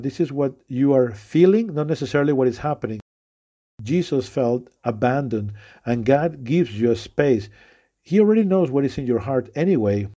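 Earnest male preacher with a mellow voice. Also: medium pitch. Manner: earnest, with frequent pauses and fillers. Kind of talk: sermon.

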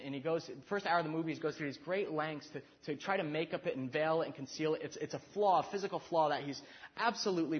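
Speaking to married couples, a man in his thirties gives a heartfelt, earnest, self-deprecating talk on marriage, stumbling into restarts. His voice is fairly high-pitched and the sound is lo-fi.

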